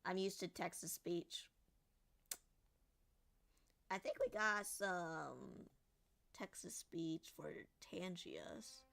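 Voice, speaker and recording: A woman's voice: on the low side, lively intonation, extremely slow, gravelly, pauses often, a bit bright. A woman streaming a game, giggly and rambling as she comments.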